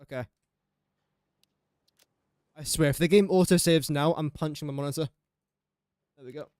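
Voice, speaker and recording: A young Englishman with a fairly high, darkish, clear and resonant voice rambles at a moderate pace while livestreaming a building game. He mocks himself and chuckles often, laughing at his own slips in this casual gameplay chat. The recording is dry and studio quality.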